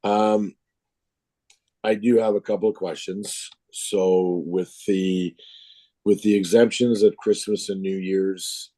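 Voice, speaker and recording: A hoarse Canadian man, a town councillor whose voice is going, speaks in a council meeting in a casual, rambling way full of laughter. His voice sits low and mellow; the audio is poor but without echo.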